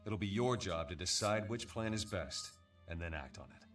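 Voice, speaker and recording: A really deep serious game captain, sounds kinda far off, music under it. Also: male voice, animated, moderate pace, fairly bright tone. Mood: grave. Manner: grave, explanatory delivery. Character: loyal military captain, grave and steady. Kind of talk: video game voice acting. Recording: distant game audio with background music.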